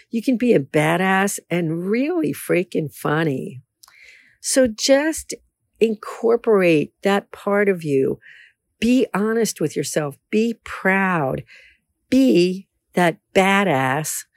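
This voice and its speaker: A woman's voice: on the low side, dry recording. A woman hosting a casual solo podcast, talking in a candid, self-assured way. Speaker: podcast host.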